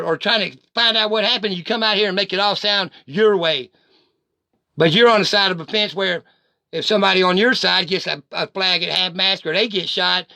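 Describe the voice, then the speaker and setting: A man's voice: sits high, bright, forceful tone, dry recording. A middle-aged man, delivering a heated, profane rant straight at the camera. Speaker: vlogger. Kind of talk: angry direct-to-camera rant.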